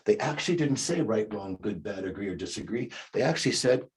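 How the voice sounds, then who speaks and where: A man's voice: lowish voice, animated, a little fast, a little mellow, husky. A man in his fifties giving a leadership class in a conversational teaching manner, acting out the replies he recommends. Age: 50s. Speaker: leadership coach. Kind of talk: recorded class lecture.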